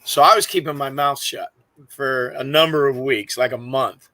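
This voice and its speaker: A man's voice: medium pitch, normal speed, sharp tone, no echo, rough recording. A man co-hosting a casual video podcast, chatty and telling stories with easy laughs. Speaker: podcast co-host and park ranger. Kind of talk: casual chat.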